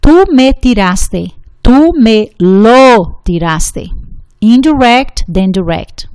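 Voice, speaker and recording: Slow, careful woman teaching grammar. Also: medium pitch, animated, a little mellow, dry recording. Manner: deliberate, repeats rules for emphasis. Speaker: Spanish teacher. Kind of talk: grammar lesson explanation.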